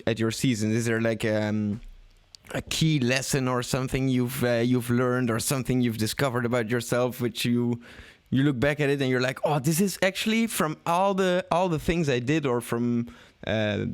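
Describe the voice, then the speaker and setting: A man hosting a podcast in a playful, halting casual chat with many restarts. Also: mid-range voice, dry recording. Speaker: podcast host.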